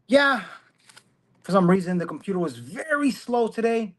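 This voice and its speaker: A man's voice: high-pitched, sing-song, moderate pace, a bit bright. Rambling self-mocking man on a phone. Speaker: host. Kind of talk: casual commentary livestream.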